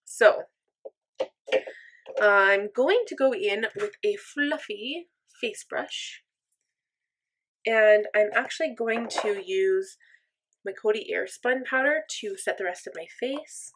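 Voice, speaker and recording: A woman's voice: mid-range voice, slow, long pauses, fairly bright tone, a little hiss or hum. A young woman chatting through a makeup tutorial in an upbeat, chatty, self-deprecating way. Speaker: makeup vlogger. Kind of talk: casual makeup tutorial chat.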